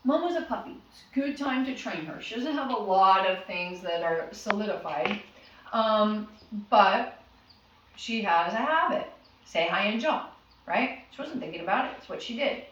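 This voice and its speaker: A woman's voice: mid-range voice, animated, normal speed, far from the mic, muffled recording, slight background noise. A woman working as a dog trainer, patiently explaining commands to a puppy's owners and acting out what to say. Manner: patient, instructive, acts out commands and dialogue. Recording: echoey room, voice from off-mic.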